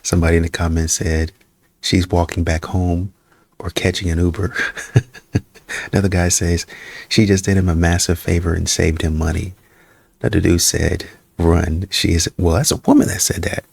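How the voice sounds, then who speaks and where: A man's voice: deep voice, fairly even intonation, moderate pace, gravelly, pauses often, darkish tone, dry recording. A man hosting a reaction video, commenting bluntly and mockingly on dating clips. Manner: blunt, mocking, chuckling asides. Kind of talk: casual commentary.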